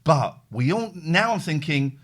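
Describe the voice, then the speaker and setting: Lively man hosting a stream. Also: a little high, unhurried. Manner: animated storyteller, acts out phone calls, thanks subscribers. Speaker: host. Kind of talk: casual chat, livestream storytelling.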